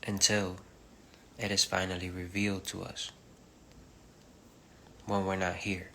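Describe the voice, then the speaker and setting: A very deep, gravelly man shares a spiritual message on a live stream, soft-spoken and halting, with a bright edge to his tone. His delivery stays flat and even, and a faint hiss of room noise sits under it. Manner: soft-spoken, halting, many pauses and fillers; switches between English and Spanish. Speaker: preacher on a livestream. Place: home livestream. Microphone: phone or webcam.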